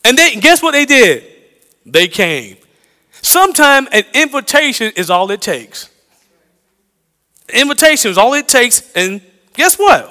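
A man from the American South preaching a sermon, swinging between loud emphatic lines and hushed low ones. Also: big pitch swings, measured pace, pauses often, big-room sound.

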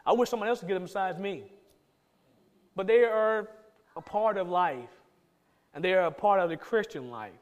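A man with a high voice preaches a sermon from the pulpit of a church. He talks with emphasis and repeats his key lines to drive them home.

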